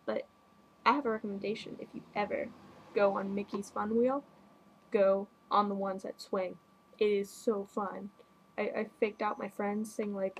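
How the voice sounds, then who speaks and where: A teenage girl hosting a casual podcast, bubbly and gushing with quick asides. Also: mid-range voice, level tone, a little hiss or hum, poor audio. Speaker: podcast host. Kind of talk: casual chat.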